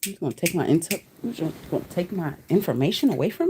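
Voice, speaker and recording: A woman in her thirties hosting a casual livestream chat, reading search results aloud to viewers, laughing often and sounding out hard words slowly. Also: on the low side, very animated, dark tone, breathy edge. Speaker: livestream host.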